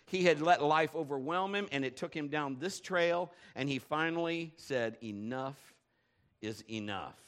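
A male pastor delivering a sermon in a relaxed, conversational style. His voice sits a little high for a man. He jokes, tells stories and keeps checking in with the congregation. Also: normal speed, hardly any pauses, clear, resonant tone. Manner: conversational, joking storyteller, asks the crowd questions.

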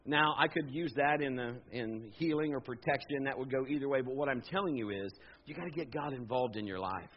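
A man in his fifties preaching a sermon, telling a personal story in an animated, jokey way and acting out the voices. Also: medium pitch, brisk, hardly any pauses, slightly rough. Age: 50s. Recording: dull lo-fi sound.

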